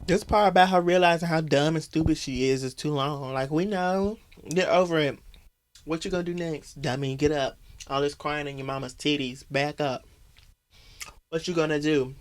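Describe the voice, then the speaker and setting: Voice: mid-range voice, moderate pace. A podcast host recapping an old TV movie in a comedic, mocking way, swearing freely and laughing often.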